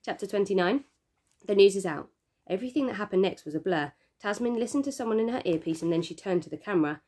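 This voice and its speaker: A woman teacher reading a children's novel aloud with steady, expressive storytelling. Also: mid-range voice, quick pace.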